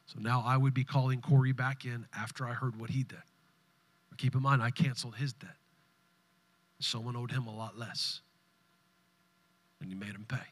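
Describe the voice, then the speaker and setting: A man, preaching a sermon to his congregation, swinging between loud bursts and hushed asides. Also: mid-range voice, husky. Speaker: pastor. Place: church sanctuary with congregation.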